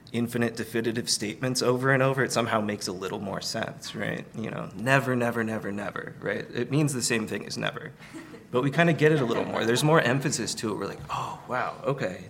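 A man giving a conversational Sunday sermon, relaxed, with many fillers and light humor. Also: on the low side, gravelly, a little hiss or hum. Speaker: preacher.

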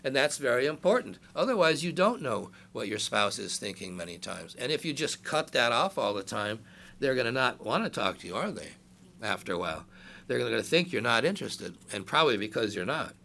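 A man's voice: medium pitch, big pitch swings, fairly quick, gravelly, sharp tone, a little hiss or hum. A man in his sixties preaching a sermon in a conversational way, joking with the congregation and reading scripture aloud in a raised voice. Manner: conversational preaching with asides and jokes. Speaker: pastor.

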